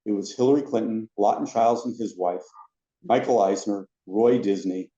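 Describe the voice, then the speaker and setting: A man telling anecdotes as a podcast guest, a lively storyteller who acts out the other people in his stories. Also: fairly low pitch, normal speed. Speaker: podcast guest, former theme park ride attendant. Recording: roomy, dull lo-fi sound.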